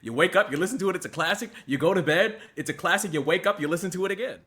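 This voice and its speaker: A man's voice: high-pitched, very fast. A young man giving a live album reaction as a music reviewer, chatty and leaning heavily on filler words. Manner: animated, chatty, leans heavily on "like".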